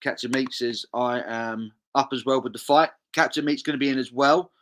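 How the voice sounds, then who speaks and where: A man's voice: mid-range voice, steady tone, moderate pace, fairly bright tone, a little hiss or hum. A young man, hosting a charity live stream, casually reading viewer comments aloud and chatting along.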